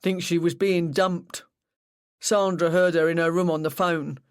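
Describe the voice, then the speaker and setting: Read by the narrator, a sullen young man drops short, flat answers that go nowhere. His grief sits just under the clipped words. The read is dry and close, with no room sound. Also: on the high side, measured pace, smooth, dry recording, natural voice. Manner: flat, curt, mumbling replies. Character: grieving sullen young male cyclist.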